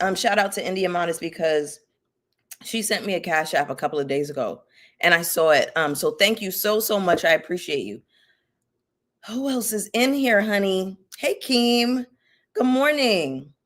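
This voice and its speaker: A woman hosting a casual live stream, sassy and animated as she greets her viewers by name and rants about reality TV. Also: lowish voice. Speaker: YouTube commentary host.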